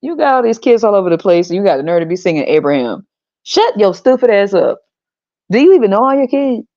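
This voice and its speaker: A woman's voice: mid-range voice, big pitch swings, quick pace, warm tone, no room sound, lo-fi sound. A woman hosting a podcast, ranting in a blunt, profane, mocking way and acting out other people's voices. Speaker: podcast host. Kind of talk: casual ranting monologue.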